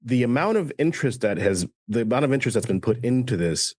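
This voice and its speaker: A man's voice: medium pitch, animated, fast talker, a little mellow, slightly rough, no echo, studio quality. An American man co-hosting a podcast, chatting casually about the news with lots of hesitant ums and restarts. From United States. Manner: hesitant, many fillers and restarts. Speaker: podcast co-host.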